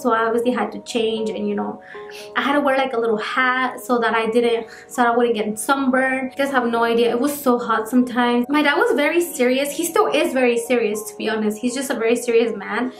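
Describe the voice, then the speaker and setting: A woman's voice: fairly high pitch, a bit bright. A woman in her twenties telling a personal story to her vlog audience in a chatty, casual way, full of fillers. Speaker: vlogger. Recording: echoey room.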